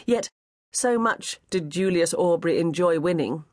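A man narrating an unabridged novel in a measured, even way on a close studio mic. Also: fairly high pitch, no echo. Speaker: audiobook narrator. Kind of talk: scripted narration.

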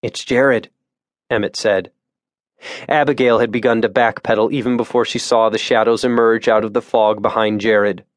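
A man reading a suspense thriller audiobook in a measured, tense narration voice on a close studio mic. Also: fairly low pitch, level tone, dry recording. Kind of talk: scripted narration.

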